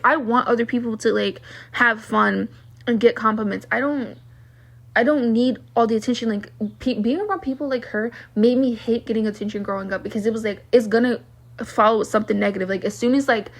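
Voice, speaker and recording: A young woman from South Carolina telling a rambling, indignant storytime vlog, full of "like"s. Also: on the high side. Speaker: vlogger.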